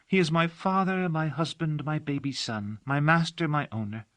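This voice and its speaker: A man's voice: medium pitch, expressive, moderate pace, fairly bright tone, no echo, voice pushed up, close to an everyday voice. A man voicing a devoted young undergirl, earnest and doting. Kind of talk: audiobook character voice.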